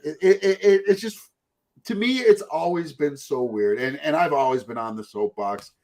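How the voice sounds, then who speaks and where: A man's voice: on the high side, normal speed, a little mellow. A man hosting a podcast, chatting casually in a rambling, profane way. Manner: rambling, profane, puts on mocking voices. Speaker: podcast host. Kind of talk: casual chat.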